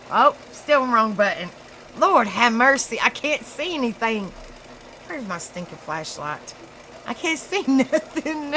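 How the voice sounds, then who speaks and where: A woman with a Southern US accent hosting a casual live stream, chatty and laughing at herself often, in a dark room. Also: fairly high pitch, a little hiss or hum, rough recording. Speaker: livestream host.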